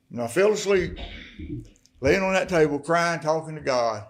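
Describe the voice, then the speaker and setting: A man's voice: a little high, animated, moderate pace, long pauses, rough recording. A middle-aged man, from Arkansas, telling his life story as a guest speaker in a church service. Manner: folksy storytelling, swelling to impassioned preaching. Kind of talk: testimony sermon.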